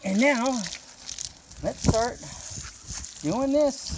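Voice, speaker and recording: With a very high-pitched voice and drawn-out words, a man casually demonstrates washing his dog at night outdoors, joking as water runs. Another person films on a phone, and the background is noisy.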